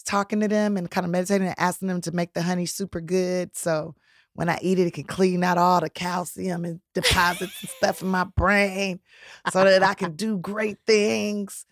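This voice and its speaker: A woman's voice: lowish voice, level tone, no room sound, studio quality. A woman comedian chatting as a podcast guest, playful and blunt, joking easily. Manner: playful, quick jokes, blunt. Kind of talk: casual chat.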